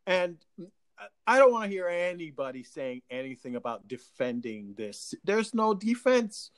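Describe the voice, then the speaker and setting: A man with a Jamaican accent, from Jamaica, hosting a live radio talk show; animated, laughing often and stammering through restarts. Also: medium pitch, normal speed, clean tone.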